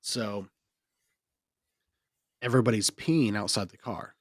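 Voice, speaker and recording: Young midwestern man, low voice, dry close mic, rambling podcast storyteller. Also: takes it slowly, no echo. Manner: rambling, laughs mid-story. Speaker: podcast co-host. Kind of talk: casual storytelling chat.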